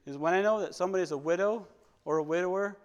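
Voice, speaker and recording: Man, preacher, sermon, higher voice, emotional, repeats himself, loud then hushed, long church reverb. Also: rapid-fire, clear, resonant tone.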